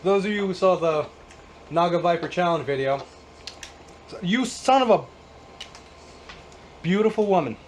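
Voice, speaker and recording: Man, 30s, slightly high voice, sarcastic exasperated vlog host, profane rants, faint noise. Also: a little slow, long pauses. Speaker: YouTube host. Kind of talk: casual guitar how-to vlog.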